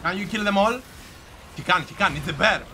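A man giving live gameplay commentary, reacting excitably and shouting at times. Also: sits high, fairly quick, faint music behind. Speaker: gameplay streamer.

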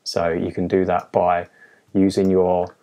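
A man walking through a digital illustration step by step in a relaxed, methodical tutorial voice-over, with frequent pauses and filler sounds. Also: low voice. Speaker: illustrator teaching a design tutorial. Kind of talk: screen-recorded software tutorial narration.

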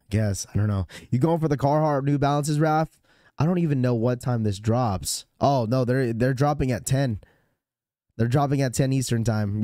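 A man with a hoarse, sore-throat voice hosting a sneaker livestream, talking to his chat in a casual, rambling way full of restarts. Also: medium pitch, mellow, dry recording, clean studio sound. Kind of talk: casual live-stream chat.

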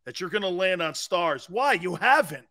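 A man's voice: high-pitched, animated, normal speed. A man hosting a sports talk show, ranting in a mocking, incredulous way. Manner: mocking and incredulous, breaking into laughter and shouted outbursts.

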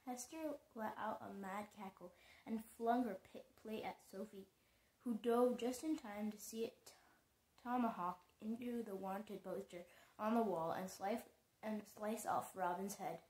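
A woman reads a fantasy novel aloud at a slow, careful pace, often stumbling and restarting words. Her voice is of middle pitch, and the room around her adds a clear echo. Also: fairly even intonation, a little mellow. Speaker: audiobook reader. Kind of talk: amateur storybook reading. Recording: echoey room.

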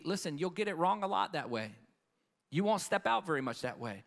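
Preaching live in a conference hall, the evangelist tells stories emphatically and calls for an amen. He speaks in a high, sing-song voice that is brisk and a bit bright, with vocal fry.

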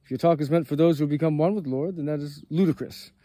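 A man voicing a stern male prophet who scolds with forceful, indignant lines. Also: a little high, fairly quick, dry recording, close to an everyday voice. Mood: scolding.

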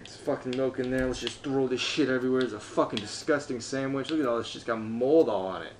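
This streamer, a fast talker, talks to himself while commentating his gameplay, frustrated and cursing all the time. His lively pitch moves between muttering and yelling, with a little hiss or hum in the recording.

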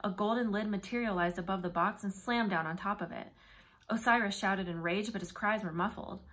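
A woman reading a novel aloud in first person, with brisk, vivid storytelling. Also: medium pitch, fairly bright tone. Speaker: audiobook narrator.

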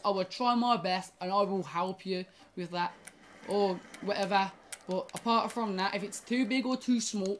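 A young woman chats casually to her audience while she plays. She stumbles and restarts sentences and curses at the game. Her voice sits at a middle pitch, with faint background noise. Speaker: gaming YouTuber. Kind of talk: casual gaming commentary.

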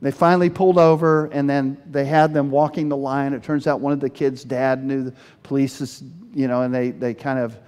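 Animated pastor in a reverberant church. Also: male voice, medium pitch, brisk, hardly any pauses, smooth. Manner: animated storytelling, voices quoted speakers with bursts of energy. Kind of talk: sermon. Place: church sanctuary. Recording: long hall reverb.

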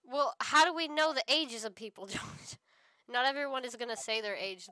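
A woman's voice: on the high side, expressive, moderate pace, bright, forceful tone, dry recording. An American woman chatting casually while gaming, giggling and playfully repeating words. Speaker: gamer.

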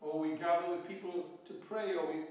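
A man's voice: on the high side, steady tone, moderate pace, darkish tone, muffled recording. A man from Pembrokeshire with a Pembrokeshire Welsh accent, preaching an earnest evening sermon full of rhetorical questions and repeated phrases. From Pembrokeshire, Wales. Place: church hall. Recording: very echoey church, distant mic.

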